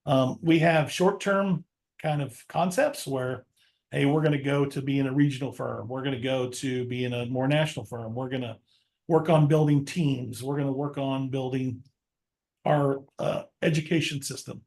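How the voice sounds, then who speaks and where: A man who leads an insurance agency, speaking as a guest in a relaxed podcast chat with stammering restarts. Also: mid-range voice, normal speed, vocal fry. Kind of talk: casual podcast conversation.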